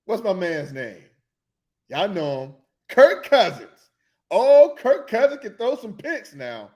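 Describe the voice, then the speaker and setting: A man hosting a sports show, chatting casually in an excitable, rambling way that often loses its thread. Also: high voice, unhurried. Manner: excitable, rambling, loses his train of thought. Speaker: sports podcast host.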